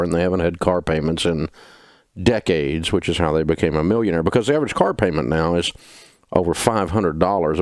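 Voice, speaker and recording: Deep-voiced older man, folksy finance talk. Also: darkish tone, no room sound, studio quality. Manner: folksy storytelling, emphatic. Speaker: host.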